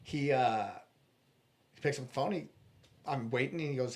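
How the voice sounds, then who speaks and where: A man being interviewed, earnestly retelling a personal story with animated restarts. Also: medium pitch, moderate pace, long pauses. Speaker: interview guest.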